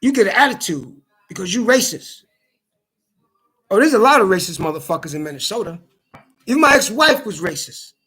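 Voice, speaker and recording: A man's voice: sits high, expressive, fairly quick, pauses often, a bit bright, husky. A man delivering a heated, profane monologue full of stumbling restarts, as a social media commentator. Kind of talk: ranting monologue.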